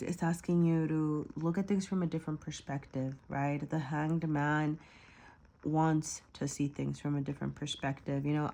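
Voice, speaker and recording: A woman with a low-pitched voice gives a casual tarot reading in a loose, rambling way. She hesitates often, leans on fillers and tag questions, and keeps correcting herself and apologizing. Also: vocal fry, darkish tone. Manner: rambling, hesitant, many fillers and rhetorical "right?". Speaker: tarot reader.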